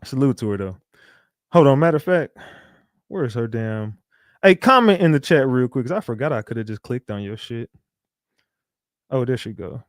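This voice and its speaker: A man's voice: medium pitch, expressive, normal speed, long pauses, no echo, clean studio sound. Slangy man hosting a livestream. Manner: loose slangy banter, reacting to chat. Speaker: livestream host. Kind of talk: casual livestream chat.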